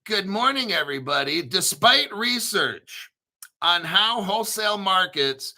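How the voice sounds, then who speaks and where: This crypto commentary host, a middle-aged man, has a high, creaky voice and speaks a little slowly. Reading an article aloud on his own, he gets excitable and swears, joking and answering himself as he goes.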